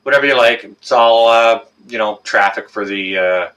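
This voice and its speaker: Man, Canadian accent, low pitch, bright forceful tone, casual live-stream host, chatty. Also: normal speed. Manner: chatty, greets viewers one by one by name. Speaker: livestream host. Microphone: webcam.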